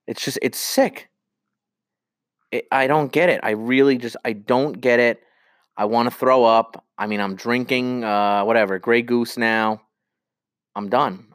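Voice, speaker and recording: A man's voice: mid-range voice, a bit bright, no room sound, clean studio sound. A young man hosting a sports podcast, ranting heatedly about his team, swearing and repeating himself. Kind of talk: solo sports rant.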